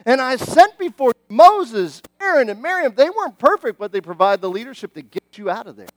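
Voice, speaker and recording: High-voiced middle-aged man preaching. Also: fairly quick, no echo. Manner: animated, conversational preaching with many restarts. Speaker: pastor. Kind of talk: sermon.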